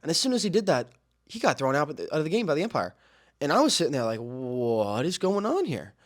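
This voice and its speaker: A young man hosting a sports podcast, talking casually and excitedly about baseball, rambling and repeating phrases as he goes. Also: a little high, rapid-fire.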